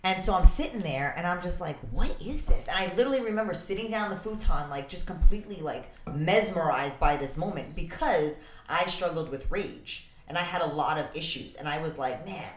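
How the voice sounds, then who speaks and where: A woman from the Bronx, a boxer telling her story as a podcast guest in lively, swear-laced casual talk. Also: lowish voice, brisk, few pauses, a little hiss or hum. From the Bronx, New York. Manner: animated, swearing, laughs through her stories. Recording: roomy echo.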